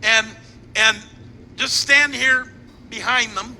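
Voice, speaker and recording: Man, pastor, playful animated sermon, very bright sharp voice, long hall echo. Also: extremely high pitch, takes it slowly. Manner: animated and playful, directing volunteers and joking with the crowd. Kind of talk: sermon retelling a scripture story. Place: church hall. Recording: long echo in a large hall with faint noise.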